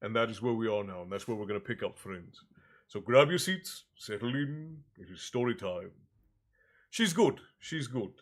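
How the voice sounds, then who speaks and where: A man's voice: lowish voice, animated, normal speed. A congested man hosting a livestream story hour, chatting loosely with viewers by name and stopping mid-phrase before he reads from a fantasy novel. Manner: rambling and self-interrupting, greets viewers by name. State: congested, low on breath. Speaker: stream host and storyteller. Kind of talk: casual chat with a live chat, then reading a fantasy novel aloud. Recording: soft music underneath.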